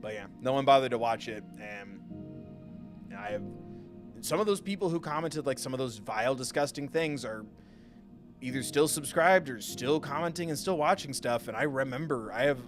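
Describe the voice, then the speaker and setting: A man's voice: medium pitch, expressive, normal speed. A male gaming streamer chatting casually during a live stream, venting with frustration and frequent swearing. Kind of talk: casual live gameplay chat. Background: game music.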